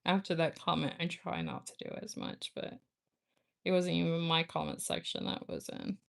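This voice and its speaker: A woman's voice: lowish voice, normal speed, gravelly. A woman chatting casually with viewers on a livestream, rambling and laughing often. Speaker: nail art livestream host.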